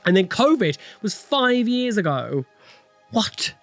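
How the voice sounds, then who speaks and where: A man's voice: sits high, very animated, takes it slowly, a bit bright, soft background music. A young man chatting casually as he reacts to videos, rambling and exclaiming, with frequent swearing. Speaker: tattoo reaction video host.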